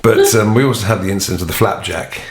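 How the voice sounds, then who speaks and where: A man's voice: lowish voice, fast talker, reverberant, a little hiss or hum. A man co-hosting a podcast in casual chat, wry and self-deprecating. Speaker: podcast co-host.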